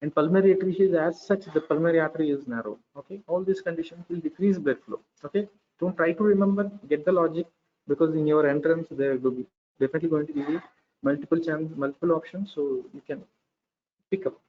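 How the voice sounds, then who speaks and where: A man's voice: fairly high pitch, phone-quality sound. Indian man lecturing with frequent "okay"s. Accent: Indian English. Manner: explains patiently with frequent "okay" and filler pauses. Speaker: pediatrics lecturer. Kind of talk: medical lecture to students.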